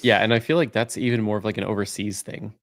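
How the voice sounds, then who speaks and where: A man co-hosting a podcast, chatting casually in a relaxed, rambling way with many fillers. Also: on the low side, fast, dry recording, studio quality. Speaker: podcast co-host. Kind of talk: casual chat.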